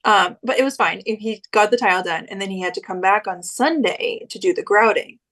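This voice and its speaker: Young woman podcast cohost rambling thru a story, mid pitch, does little voices for people. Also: brisk, fairly bright tone. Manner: chatty storyteller, acts out quoted lines. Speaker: podcast co-host. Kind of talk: casual chat.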